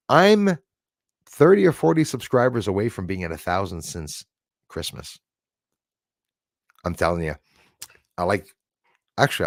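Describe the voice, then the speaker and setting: A man's voice: low-pitched, dry recording, clean studio sound. A middle-aged man from Canada hosting a live stream, chatting casually and rambling as he reads viewer comments aloud. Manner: chatty, rambling, laughs often.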